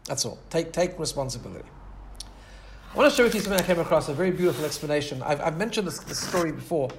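A man's voice: on the high side, expressive, rapid-fire, noisy background. A man teaching a Torah lesson in an earnest storytelling manner, often restarting and repeating words as he goes. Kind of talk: storytelling sermon.

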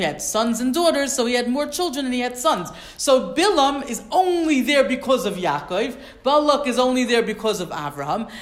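Female Torah teacher, animated, quoting and translating verses, echoey room. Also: mid-range voice. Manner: animated, quotes Hebrew verses then translates.

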